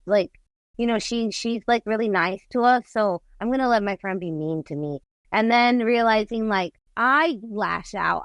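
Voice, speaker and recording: A woman's voice: medium pitch, a bit bright, dry recording. A woman in her forties, a guest artist and musician, talking candidly and rambling in a casual interview, with lots of "like". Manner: candid, rambling, heavy use of "like".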